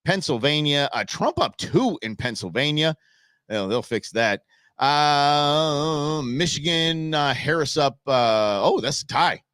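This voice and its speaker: Animated rambling man hosting a live stream. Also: a little high, slow, clear, resonant tone, dry recording, clean studio sound. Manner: rambling, animated, with frequent restarts and asides; jokey, opinionated banter. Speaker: host of a live election-night stream. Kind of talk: casual live-stream commentary.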